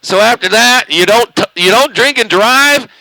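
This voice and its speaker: A man's voice: extremely high pitch, animated, moderate pace, gravelly, bright, forceful tone, no room sound, poor audio. A man chatting casually on a CB radio from his bedroom, rambling with lots of fillers. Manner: rambling, folksy, hesitant fillers. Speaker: CB radio operator, channel host. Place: bedroom at home. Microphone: CB radio mic.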